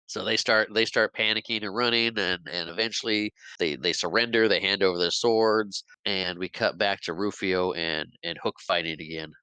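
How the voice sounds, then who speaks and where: A man's voice: low-pitched, steady tone, moderate pace, hardly any pauses, bright, forceful tone, clean tone, no room sound, poor audio. A man casually recapping a film scene by scene on a podcast, rambling a bit and laughing often. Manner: rambling play-by-play retelling, acts out quotes, laughs often. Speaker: podcast host.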